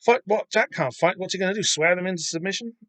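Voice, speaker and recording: A man's voice: sits high, fast talker, fairly bright tone, no room sound, pitched above the performer's own voice. A man doing a sarcastic young woman. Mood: scoffing.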